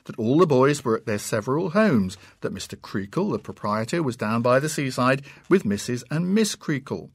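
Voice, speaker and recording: Measured male reader of classic fiction. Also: medium pitch, dry recording. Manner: measured, unhurried, expressive. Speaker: narrator. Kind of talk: dramatic reading of classic fiction.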